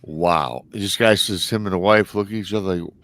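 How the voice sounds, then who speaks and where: A man's voice: low-pitched, moderate pace, fairly bright tone, no room sound. A man from Michigan hosting a livestream show, retelling a story in a chatty, colloquial way and often saying "he goes.". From Michigan, United States. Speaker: livestream host.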